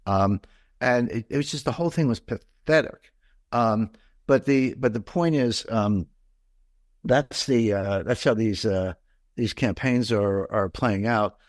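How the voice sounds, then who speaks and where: Unhurried and fairly low in pitch, a middle-aged man from the mid-Atlantic United States speaks as an interview guest, with clean studio sound and no room sound. His conversational answers ramble and digress, packed with fillers and restarts.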